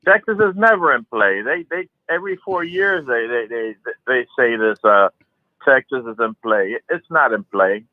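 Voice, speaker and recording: A man's voice: medium pitch, no echo. A man from Florida calling into a talk radio show, speaking emphatically and repeating words. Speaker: radio caller. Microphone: telephone. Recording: phone line.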